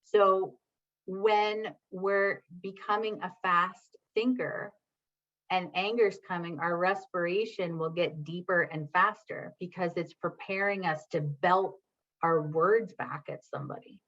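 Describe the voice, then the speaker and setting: A woman's voice: on the low side, fairly even intonation, unhurried, a bit bright, highs cut off. A woman presenting a parenting workshop online, chatting with her audience, reading their comments, and often checking in with "right?". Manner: addresses audience and reads chat comments. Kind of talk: live online workshop talk.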